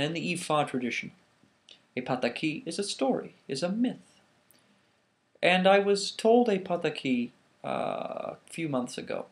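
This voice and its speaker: Man animatedly retelling a myth. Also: medium pitch. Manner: animated, with restarts. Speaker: vlogger. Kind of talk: casual storytelling.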